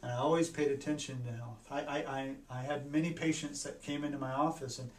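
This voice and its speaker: A man, a doctor, telling a personal story in an earnest, halting way, with many restarts. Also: medium pitch, fairly even intonation. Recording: echoey room, mic at a distance.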